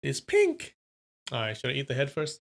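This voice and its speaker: A streamer reads a translated wuxia novel aloud on a live stream, moving into loose, playful chat with viewers between passages. The delivery is casual and unpolished, with a mid-range pitch. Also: huge pitch swings, normal speed, creaky. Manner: casual, playful, chatty asides.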